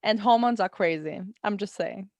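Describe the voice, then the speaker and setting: A woman's voice: medium pitch, moderate pace, a little mellow, dry recording. A young woman co-hosting a podcast in casual chat, reassuring and firmly opinionated, and she often repeats herself. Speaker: podcast co-host.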